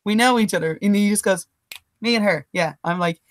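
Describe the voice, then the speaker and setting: This young Irish woman has a mid-range voice and a brisk delivery, captured in clean studio sound without echo. Co-hosting a podcast, she relates a casual, swear-heavy story, animatedly mimicking what others told her.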